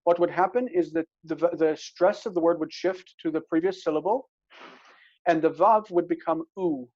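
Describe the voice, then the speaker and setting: A man teaching a casual Hebrew grammar lesson, explaining step by step and repeating words slowly. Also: a little high, darkish tone. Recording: dull lo-fi recording.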